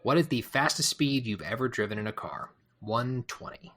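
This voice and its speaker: A man hosting a podcast, reading out quick-fire questions and answering them himself, often hesitating and rambling with fillers. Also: mid-range voice, animated, a bit bright, husky. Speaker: podcast host.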